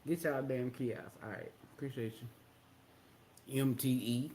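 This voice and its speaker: A man's voice: medium pitch, unhurried, mellow, a little hiss or hum. A man co-hosting a podcast, telling a story casually and acting out the voices of the people in it. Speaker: podcast co-host. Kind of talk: casual chat.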